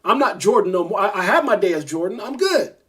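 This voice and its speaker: A man's voice: sits high, expressive, fairly bright tone. A man, a crypto YouTuber, ranting to camera, irritated, emphatic and repetitive. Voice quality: fast, emphatic, repeats himself. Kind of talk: heated rant to camera.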